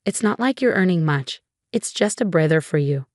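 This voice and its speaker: Woman reading as a cold bossy husband, lowish voice, flat delivery. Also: moderate pace, no room sound, studio quality, close to an everyday voice. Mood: cold, demanding. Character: cold controlling husband, adult man.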